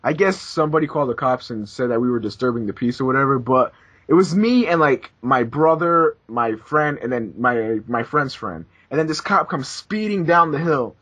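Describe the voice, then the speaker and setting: A young man hosting a casual podcast, telling crude stories with loud acted-out quotes. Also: medium pitch, expressive, moderate pace, breathy edge. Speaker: podcast host. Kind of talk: casual gaming podcast chat. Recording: dull lo-fi voice chat audio.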